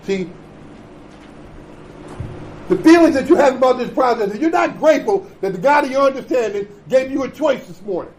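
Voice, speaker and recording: A man's voice: very high-pitched, expressive, normal speed, pauses often, darkish tone, low-quality recording. A man giving a blunt, emphatic recovery talk, repeating points and checking in with the room. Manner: emphatic, repetitive, blunt with profanity; conversational, checks in with "okay?" and "right?". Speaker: recovery conference speaker.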